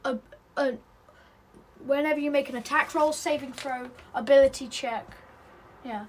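A woman's voice: high voice, fairly even intonation, moderate pace, a little hiss or hum. A woman playing a tabletop game, giggly and playful. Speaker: player. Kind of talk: casual tabletop play.

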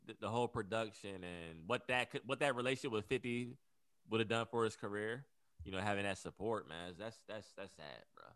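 A young man co-hosting a casual chat, expressive and quick to tease. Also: lowish voice, clean tone. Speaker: podcast co-host.

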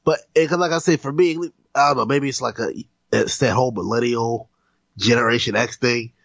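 A man co-hosting a casual movie chat gives his opinion in a laid-back, plainspoken way. His voice is gravelly and husky. It comes through dull and lo-fi, with a dry sound. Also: medium pitch, fairly quick, fairly bright tone, no room sound. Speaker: co-host.

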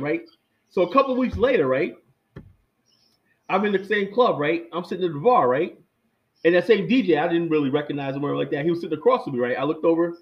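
Rambling, animated middle-aged man telling stories. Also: high-pitched, fast, highs cut off. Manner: rambling, animated, many fillers and restarts. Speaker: guest. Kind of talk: casual storytelling chat.

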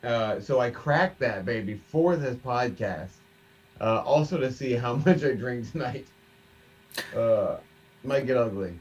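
A man's voice: mid-range voice, expressive, measured pace, a little mellow, recorded from a distance. Joking man on a lo-fi podcast. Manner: joking, laughs often, swears casually. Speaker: podcast co-host. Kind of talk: casual chat over drinks.

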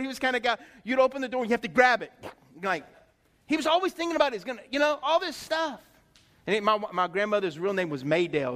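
A man's voice: very high voice, expressive, fast, a bit bright. A male pastor preaching a sermon, emphatic, peppering the congregation with rhetorical questions. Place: church sanctuary. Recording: long reverb in a church hall.

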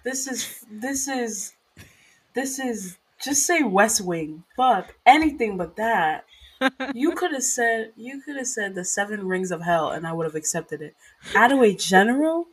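A woman's voice: a little high, expressive, measured pace, breathy edge. A woman co-hosting a podcast, chatting casually and bluntly, swearing when annoyed. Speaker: podcast co-host. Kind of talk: casual chat.

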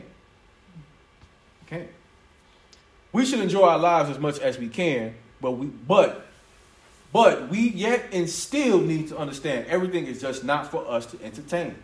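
A man preaching a conversational sermon, lively and quick to laugh, acting out the voices he quotes. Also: medium pitch, a little hiss or hum. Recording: roomy echo from a distance, faint ambience.

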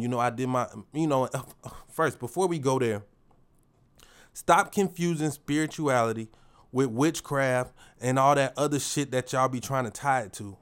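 A man hosting his own podcast, giving a motivational monologue in a preachy, slang-heavy way and repeating phrases for emphasis. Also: medium pitch. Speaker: podcast host.

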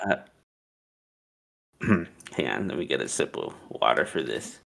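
A man casually telling a long personal story, animated and profane, acting out what people said. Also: a bass voice, a little slow, creaky. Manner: animated, profane, acts out quotes with laughs.

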